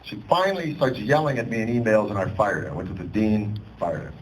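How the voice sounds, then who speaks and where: A man, an actor guest at a screening Q&A, telling a comic anecdote in a theatrical, animated way. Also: fairly low pitch, fast talker. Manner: theatrical, animated, acts out voices. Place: screening venue. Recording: noisy live event recording.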